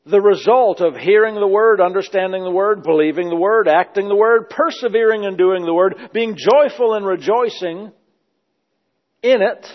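Delivering a sermon at a moderate pace, a man with a fairly high voice speaks with emphasis and repeats phrases again and again. A long hall reverb surrounds his voice, and the recording has a dull quality.

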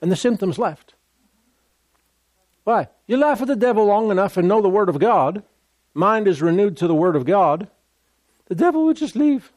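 A man preaching a sermon, emphatic and repetitive, stumbling over repeated words and breaking into laughter and loud exclamations. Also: high voice, normal speed, long pauses, no echo.

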